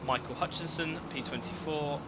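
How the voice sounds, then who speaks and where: A man with a slightly high voice gives live sim racing commentary at a normal pace, chatting through the grid and adding asides. The audio is dull, and loud game engine noise runs behind him.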